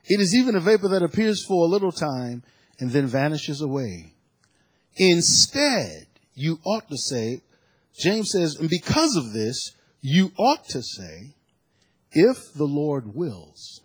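A man preaching a sermon, repeating phrases and swinging from quiet asides to loud, emphatic cries. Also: fairly high pitch, big pitch swings, takes it slowly, husky, dry recording. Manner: preaching with call-and-response phrasing.

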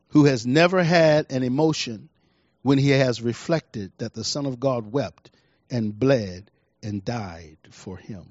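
A middle-aged man preaching a sermon, emphatic, repeating key lines and swinging between soft and loud delivery. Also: medium pitch, takes it slowly, no echo. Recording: dull dry recording.

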